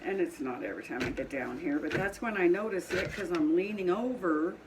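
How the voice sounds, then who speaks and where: A woman's voice: fairly low pitch, a little fast, noisy background. A middle-aged woman from Colorado with a Southern twang and a sniffly nose, chatting casually in her home pottery studio while she works, rambling and laughing often. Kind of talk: casual chat while working.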